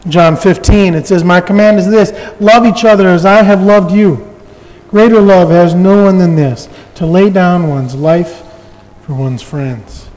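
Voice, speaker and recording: Male pastor, high voice, conversational sermon with humor, reverberant sanctuary. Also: measured pace, darkish tone. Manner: conversational preaching with light humor.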